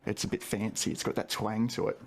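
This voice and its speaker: A man's voice: on the low side, level tone, brisk, creaky. An Australian man on a video call, telling stories in an easygoing, chatty way. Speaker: guest panelist. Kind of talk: casual chat.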